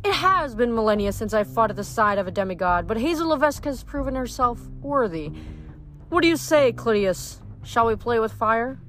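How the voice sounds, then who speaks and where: A woman voicing an ancient goddess in a storybook reading, with a soft, lyrical, slow delivery. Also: on the high side, expressive, voice pushed up. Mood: confident.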